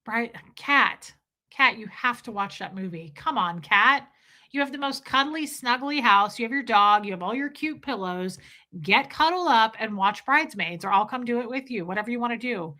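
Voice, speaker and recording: Woman on a chatty livestream, gushing and excited, bright voice a little on the high side. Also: moderate pace. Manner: gushing and exclamatory, quoting film lines. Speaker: livestream host. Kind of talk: casual livestream chat, reading viewer comments.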